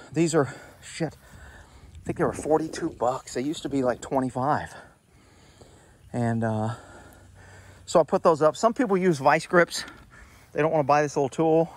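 A man talking casually outdoors at his horse paddock, explaining things step by step in a relaxed, chatty way. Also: on the high side, no echo. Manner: chatty, explains step by step, scolds pets playfully. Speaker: horse owner vlogger.

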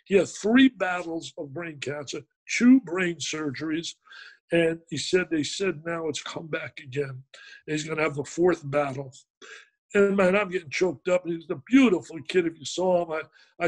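An older man telling an emphatic, excitable story as an interview guest, repeating words for effect. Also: on the high side, rough recording.

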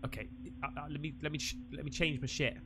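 Excitable male reaction host: bright, tense tone, loud startled outbursts, faint hiss behind. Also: fairly high pitch, quick pace. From England. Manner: jumpy, loud exclamations and swearing. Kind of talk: excitable horror reaction commentary.

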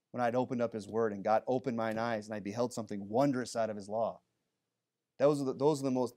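A man preaching a sermon in an earnest way, moving from quiet, reflective passages to emphatic, rising exhortation. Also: medium pitch. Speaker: pastor.

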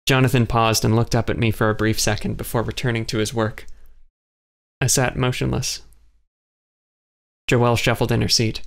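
Mid-pitched male narrator, measured first-person audiobook reading. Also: little pitch movement, creaky.

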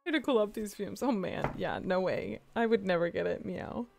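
A woman's voice: mid-range voice, normal speed, vocal fry, darkish tone, faint music behind. A woman streamer chatting casually with her viewers, giggling and throwing meows between her sentences. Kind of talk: casual livestream chat.

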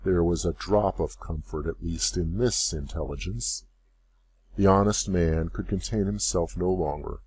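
A man reading a classic story aloud as narrator, in measured storytelling. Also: deep voice, a little mellow, breathy edge, no room sound. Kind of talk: scripted audiobook narration.

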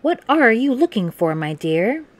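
A woman reading a storybook aloud and voicing a caring, slightly stern mother who scolds gently. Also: a little high, very animated, unhurried, pitched above the performer's own voice. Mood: scolding.

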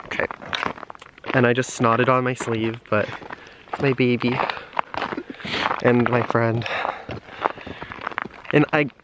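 A man's voice: medium pitch, level tone, takes it slowly, long pauses, heavy background noise. A man talking casually to a handheld camera outdoors in a snowy park, shivering from the cold. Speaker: vlogger. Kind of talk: casual travel vlog.

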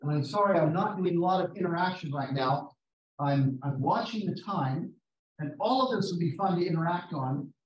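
A man leading an interactive Bible study, reading scripture slowly and putting questions to his class. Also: on the high side, expressive, dull audio. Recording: roomy, distant mic, faint noise.

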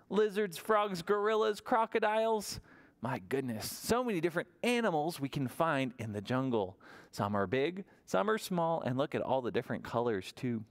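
A man reads a picture book aloud to toddlers at library storytime. His voice sits a little high and bounces through a very wide melodic range. He keeps it sing-song and animated and keeps stopping to ask the little ones questions. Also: smooth. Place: public library storytime room.

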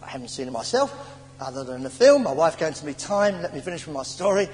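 English preacher guy, high voice, stammery storytelling sermon, long church echo. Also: fast talker. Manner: animated storytelling with stammers and sighs. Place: church hall. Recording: old church sermon tape in a reverberant hall with faint hiss.

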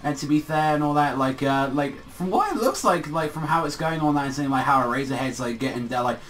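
A man's voice: a little high, expressive, a little fast, a bit bright. Rambling, profane man reviewing comics. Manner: rambling, profane, heavy on fillers. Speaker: manga reviewer. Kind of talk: casual review vlog.

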